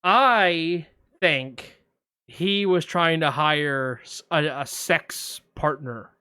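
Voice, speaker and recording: A man co-hosting a podcast, telling a story in a casual, animated way with lots of fillers. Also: a little high, drawn-out words, clean tone, dry recording, studio quality. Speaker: podcast co-host. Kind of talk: casual chat.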